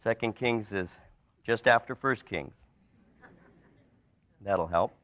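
A man preaching a sermon, telling stories and dropping to soft, emphatic lines. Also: fairly low pitch, takes it slowly, no room sound. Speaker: pastor. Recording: dull lo-fi recording.

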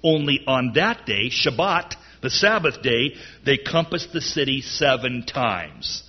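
A man preaching a sermon in an animated way, his voice rising loud on key lines. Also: mid-range voice, unhurried, breathy edge, lo-fi sound. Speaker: pastor.

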